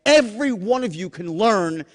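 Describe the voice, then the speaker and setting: Man, sales seminar speaker, very expressive pitch, acts out tones, long room reverb. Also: normal speed. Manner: animated, profane, acts out tones with sudden whispers. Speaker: sales trainer. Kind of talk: live seminar talk.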